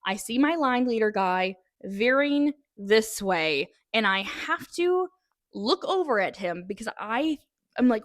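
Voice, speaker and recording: A woman's voice: a little high, measured pace, no echo. Chatty young woman vlogger, dry sound. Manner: animated, breathless retelling with many "like"s and restarts. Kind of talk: casual storytelling to camera.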